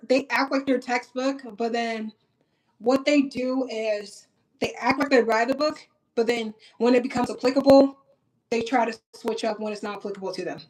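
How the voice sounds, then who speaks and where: A woman's voice: fairly high pitch, poor audio. A blunt young woman from Minnesota chatting casually while getting ready, swearing freely and talking straight to her viewers. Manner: blunt, profane and animated, talks straight to viewers. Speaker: vlogger. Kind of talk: casual get-ready-with-me chat.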